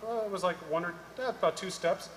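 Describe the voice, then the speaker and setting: A middle-aged man on a conference panel, telling an animated story and acting out the people in it. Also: high voice, quick pace, a little hiss or hum. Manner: animated anecdote-telling, acting out quoted voices. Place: large conference hall. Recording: echoey hall, live panel mic.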